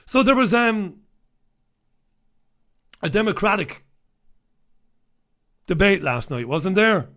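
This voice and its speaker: A man's voice: sits high, sing-song, extremely slow, long pauses, fairly bright tone. A man hosting a casual talk radio show, delivering a sardonic monologue with offhand asides and chuckles.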